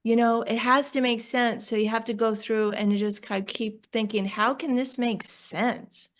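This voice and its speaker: A woman poet with a New York accent, talking casually about her book in an interview, often pausing and restarting as she searches for words. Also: on the high side, little pitch movement.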